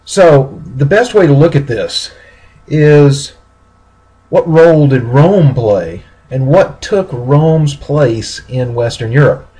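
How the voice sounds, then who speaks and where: Male lecturer, slightly raspy voice, measured teaching delivery with restarts. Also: fairly high pitch, low-quality recording. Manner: steady explanatory pace with pauses and self-corrections. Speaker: history lecturer. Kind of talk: recorded classroom lecture.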